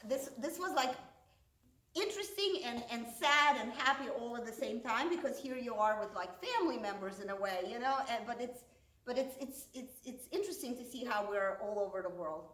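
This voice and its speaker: A woman whose first language is Russian, telling rambling stand-up stories full of fillers and sudden high-pitched quoted voices. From Russian-speaking background. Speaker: stand-up comedian. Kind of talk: stand-up storytelling. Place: event hall. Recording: echoey room, recorded from a distance.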